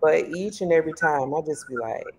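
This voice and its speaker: A woman on a casual panel who talks in a relaxed, agreeable way with casual slang. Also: low-pitched, a little fast, a little hiss or hum, low-quality recording.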